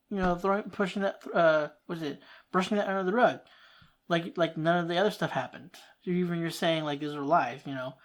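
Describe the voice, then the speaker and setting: A host giving casual reaction commentary on a TV episode, rambling through thoughts with many restarts and frequent laughs. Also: mid-range voice.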